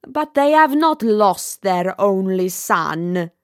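Brief: woman voicing a blunt, practical firework who growls, slow and plain. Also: medium pitch, animated, no echo, clean studio sound. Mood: gruff. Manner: gruff, matter-of-fact. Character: blunt, practical storybook Roman candle firework.

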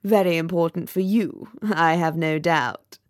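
A woman's voice: fairly low pitch, fairly even intonation, a little slow, pitched below the performer's own voice, natural voice. A woman voicing a pompous, self-pitying male firework rocket in a storybook reading, with a melodramatic, self-important manner. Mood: sulky.

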